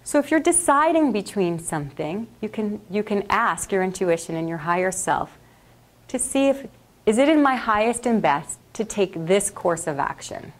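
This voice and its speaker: A woman leading a workshop, guiding a group through a meditation in a slow, calm and soothing way. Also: mid-range voice. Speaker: workshop leader. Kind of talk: guided meditation. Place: classroom or workshop.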